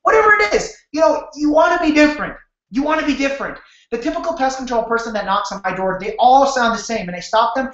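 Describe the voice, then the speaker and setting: Hosting a sales-training webinar over a video call from his home room, a man chats casually, restarts a lot, and plays out door-step scenes. He talks fast with lively intonation in an extremely high, slightly bright voice. The sound, picked up by his computer mic, is echoey and dull like typical webcam audio.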